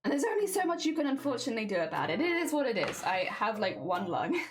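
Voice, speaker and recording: A woman's voice: on the high side, big pitch swings, quick pace. Chatty woman rambling over music. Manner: chatty, rambling, with fillers and self-corrections. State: wheezy from dust. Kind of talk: casual chat. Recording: music playing in the background.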